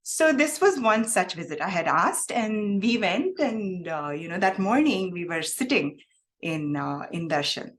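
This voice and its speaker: A young adult woman telling a personal story in a reflective, halting way, with many fillers. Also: mid-range voice, sing-song. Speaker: guest speaker.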